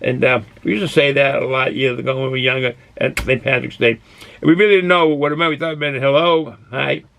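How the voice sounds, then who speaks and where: A man's voice: medium pitch, fairly even intonation, brisk, creaky, fairly bright tone, a little hiss or hum. A man from Boston hosting a casual beer review vlog, who rambles and goes off on tangents while drinking and snacking. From Boston, USA. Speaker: beer review channel host.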